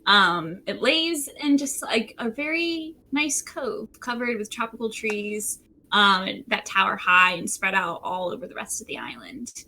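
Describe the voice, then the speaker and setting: A woman narrating a tabletop game as game master, telling the scene in a relaxed way with frequent fillers, recorded at home. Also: mid-range voice, unhurried. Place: room at home by a window.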